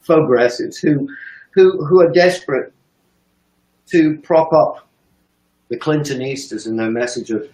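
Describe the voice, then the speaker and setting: A man with a fairly high voice launches into an emphatic political rant, swearing freely and swinging his pitch up and down. His voice bounces around a roomy, echoey space. He sounds like an analyst holding forth on a live stream. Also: expressive, a little slow, long pauses, darkish tone.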